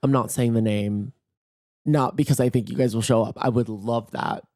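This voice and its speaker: A man in his late twenties hosting a solo podcast from bed, his voice hoarse and nearly gone, joking in a playful, campy, self-mocking way. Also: medium pitch, steady tone, normal speed, darkish tone, no echo, studio quality. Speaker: podcast host. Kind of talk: casual solo podcast chat. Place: in bed at night.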